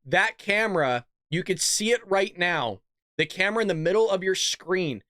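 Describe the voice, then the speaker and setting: Man, podcast host, sarcastic, mocking, animated delivery, dry studio sound. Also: high-pitched, moderate pace, no echo. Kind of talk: political commentary.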